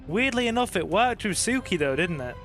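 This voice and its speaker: A man's voice: high voice, brisk, faint music behind. A man hosting a gaming stream, chatting casually with his co-host and reading out viewer comments. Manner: relaxed, chatty, reads chat aloud. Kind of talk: casual let's-play chat.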